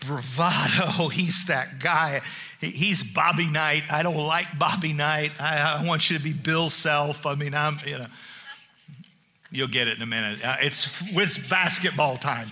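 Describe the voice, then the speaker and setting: A man preaching a sermon, joking and conversational, acting out Bible figures in quick asides. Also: on the high side, bright, forceful tone. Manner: jokey and conversational, with many restarts. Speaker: pastor.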